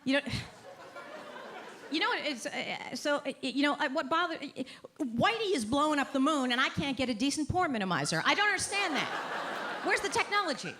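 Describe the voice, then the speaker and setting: A middle-aged woman performing a stand-up set, wry and self-deprecating, rambling and then bursting out loudly. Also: sits high, very animated, fairly quick. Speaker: stand-up comedian. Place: comedy club stage with live audience. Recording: live club recording with crowd noise. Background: audience laughter and cheering.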